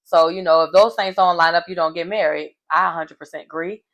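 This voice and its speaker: A woman's voice: fairly low pitch, fairly even intonation, a little fast. A woman hosting a casual reality TV recap, sassy and colloquial, laughing often as she reacts.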